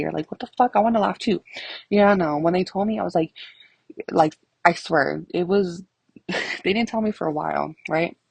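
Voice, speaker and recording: A woman's voice: lowish voice, vocal fry, a little mellow, breathy edge, dry recording, poor audio. A young woman telling stories in a casual, rambling, profane way, laughing often. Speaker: vlogger. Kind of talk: casual storytelling.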